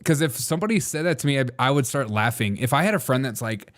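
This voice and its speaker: A man's voice: mid-range voice, expressive, fast, few pauses. Sarcastic, laughing male show host. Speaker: political comedy show host. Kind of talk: sarcastic live-show commentary.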